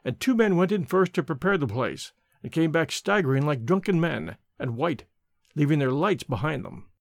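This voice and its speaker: Male narrator, lively higher voice, dramatic measured reading, dry booth. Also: vocal fry, no echo. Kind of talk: scripted narration. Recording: dry close recording.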